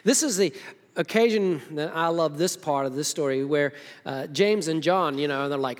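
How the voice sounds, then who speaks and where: A man with a slightly high voice preaches a sermon in a church, retelling the story with casual energy and acting out each character's lines. His voice rings with the long reverb of a big hall. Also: normal speed. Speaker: pastor.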